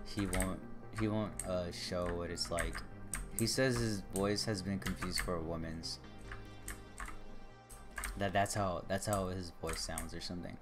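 A man's voice: sits low, steady tone, a little slow, pauses often, music in the background. A man chatting casually with his viewers on a livestream, rambling and joking and talking straight to them. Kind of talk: casual live-stream chat.

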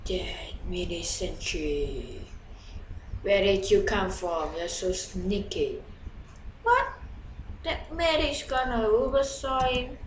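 Slow-talking excitable woman gamer. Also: a little high, reverberant, slight background noise, rough recording. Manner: excitable, chatty, swings from mutters to shouts. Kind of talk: live gameplay commentary.

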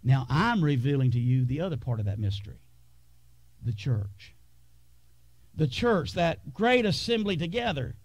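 A man preaching a sermon in a church, with a drawl, dramatic pauses and sudden drops to a hush. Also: sits high, no echo. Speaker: pastor. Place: church sanctuary.

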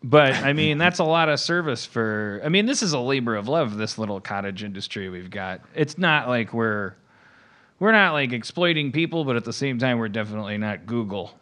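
A man's voice: medium pitch, brisk. A middle-aged man hosting a podcast, rambling through casual comedic chat with lots of restarts. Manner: rambling, animated, many restarts, jumps into silly voices. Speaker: podcast host.

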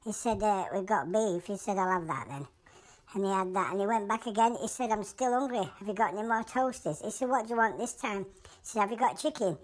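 A chirpy little creature with a Yorkshire accent rattles through a long shaggy-dog joke in a squeaky, high voice, as a woman acts it out. The delivery is rambling and matter-of-fact, like a cartoon animal doing stand-up. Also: brisk, natural voice. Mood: chatty. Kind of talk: comic animal voice-over.

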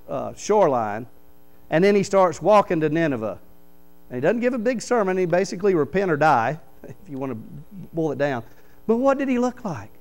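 A man, a pastor preaching a sermon in church, reading scripture aloud and explaining it with animated stories. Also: a little high, low-quality recording. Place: church sanctuary.

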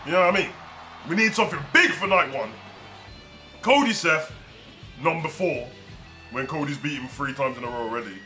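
A young man hosting a wrestling reaction, talking casually and shouting with delight. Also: on the high side, animated, a little fast, long pauses, faint music behind. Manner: exclamatory, fan-like, shouts in delight. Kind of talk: excited reaction commentary.

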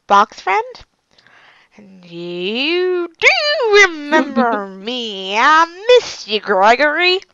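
A woman's voice: high voice, sharp tone, dry recording, muffled recording, full character voice. A woman voicing a bossy female ghost hunter in an amateur fanfic read-aloud, dramatic and exclaiming.

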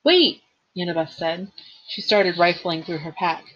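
A woman, a teacher, reading a novel aloud with expressive storytelling and the occasional slip and reread. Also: lowish voice, normal speed, husky, muffled recording.

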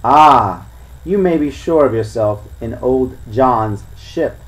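A sly older pirate chief lectures his men in rough sailor's talk, voiced by a man reading a storybook aloud. He is smooth and persuasive, and he lays down the law. The voice sits in an ordinary middle register. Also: medium pitch, expressive, takes it slowly, rough recording. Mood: boastful. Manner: coaxing, lecturing sea talk. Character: crafty older male pirate, smooth-talking and commanding.

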